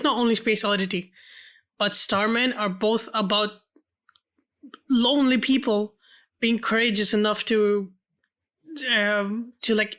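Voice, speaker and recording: A woman's voice: mid-range voice, fairly bright tone. A woman co-hosting a film podcast, speaking earnestly in casual chat with hesitant restarts. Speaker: podcast co-host.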